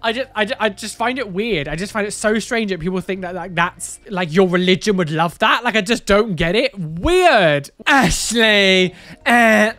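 A woman's voice: mid-range voice, animated, normal speed, a bit bright. A woman doing casual reaction commentary as a YouTuber, exclaiming and laughing with slangy asides. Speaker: YouTuber reacting to tattoo photos.

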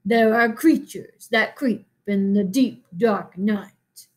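A woman's voice: mid-range voice, takes it slowly, close to an everyday voice. A woman doing a gooey storybook monster. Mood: warning. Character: gooey wobbly monster, bossy bedtime warner.

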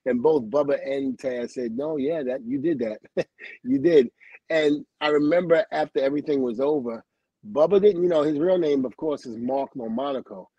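A middle-aged man with a fairly high, slightly breathy voice, speaking at a moderate pace, tells stories from his career as a livestream guest. He acts out what other people said, laughs often and swears. The recording is muffled but has no echo.

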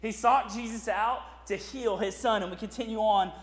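A man's voice: high-pitched, fairly even intonation, normal speed. A man preaching a sermon as pastor, in a conversational style full of "right?" asides. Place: church sanctuary. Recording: echoey church hall.

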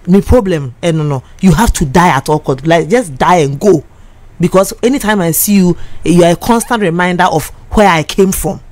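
A woman's voice: lowish voice, lively intonation, moderate pace, darkish tone, no echo. A Ghanaian woman speaks through tears on live radio. She halts and repeats herself, switching between English and Twi. The studio sound is close and dry. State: crying. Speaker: radio guest. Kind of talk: emotional on-air confession.

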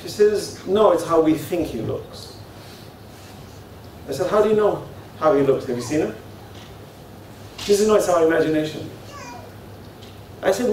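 Animated man preaching in an echoey hall. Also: high-pitched. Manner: animated storytelling, acting out dialogues. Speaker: religious lecturer. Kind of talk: religious lecture. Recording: very echoey hall, speaker far from mic, faint hiss.

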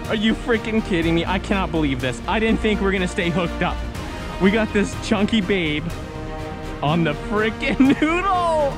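A man's voice: high voice, big pitch swings, normal speed, music in the background. A man vlogging from a boat on the water while fishing, giggling and exclaiming often. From Saskatchewan, Canada. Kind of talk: excited outdoor vlog commentary.

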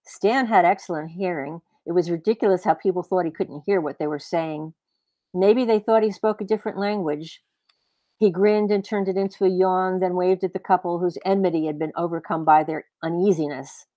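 A woman author reading her own fiction aloud in a brisk, expressive way. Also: on the low side, no echo.

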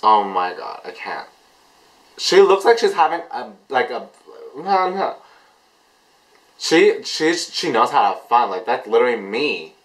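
A man hosting a casual reaction vlog, gushing and excitable, breaking into delighted shrieks. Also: mid-range voice, normal speed, poor audio. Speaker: reaction video host.

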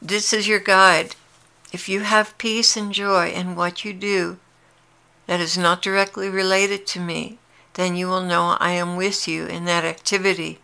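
A woman's voice: on the low side, flat delivery, a little slow, gravelly, smooth, heavily acted. A woman voicing a tender, pleading Jesus. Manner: earnest, intimate, gently pleading. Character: tender, longing adult male Jesus addressing his brides. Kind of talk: devotional prophetic dialogue.

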